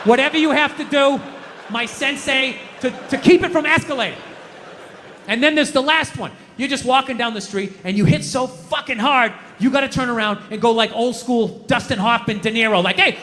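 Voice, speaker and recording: Stand-up comic, middle-aged man, sharp forceful rants, reverberant hall with audience laughter. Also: very high voice, slight background noise. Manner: ranting, exasperated, profane. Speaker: stand-up comedian. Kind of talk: stand-up comedy set. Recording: live stage mic in a large hall.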